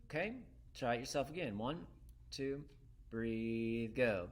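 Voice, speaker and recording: A man's voice: medium pitch, lively intonation, a little slow, faint music behind. A man teaching a saxophone lesson, counting students in and demonstrating with sung syllables. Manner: counts in and calls turns. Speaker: music teacher.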